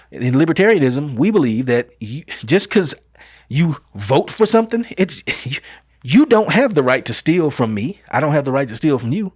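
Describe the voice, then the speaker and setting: A man's voice: mid-range voice, darkish tone, slightly rough, no echo, clean studio sound. A middle-aged man hosting his show, delivering an emphatic opinion monologue full of rhetorical questions and folksy vernacular. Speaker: show host.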